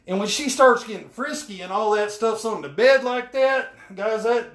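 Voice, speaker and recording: A man's voice: high voice, expressive, moderate pace, fairly bright tone. A man, rambling folksy jokes in a home-repair vlog, soaked and frustrated. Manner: folksy, rambling, keeps asking "all right?". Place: small bathroom. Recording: echoey bathroom.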